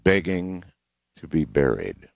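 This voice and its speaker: Deep-voiced animated radio host. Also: male voice, slow pace, creaky, no room sound. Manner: animated, takes calls and sums up stories. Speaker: radio talk show host. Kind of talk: call-in radio chat.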